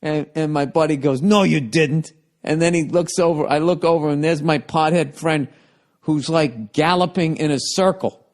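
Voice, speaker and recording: A middle-aged man with a Boston accent tells a comic story on his podcast. His voice sits a little high for a man. He swears freely and swings between loud, excited bursts and low, grumbling mutters. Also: moderate pace. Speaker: podcast host.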